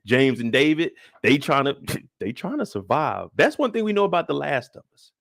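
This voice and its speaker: Fairly high and sing-song, this man's voice is creaky and a bit bright, delivered at a normal speed in studio quality without echo. He's in his thirties, hosting a laid-back live-stream review chat, using slang and calling out viewers by name.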